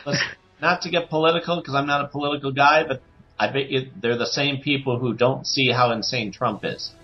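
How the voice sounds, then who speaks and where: A man's voice: mid-range voice, steady tone, a little fast, lo-fi sound, faint music behind. A man co-hosting a casual podcast, talking with energy and acting out quoted people in exaggerated voices. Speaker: podcast co-host. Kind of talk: casual chat.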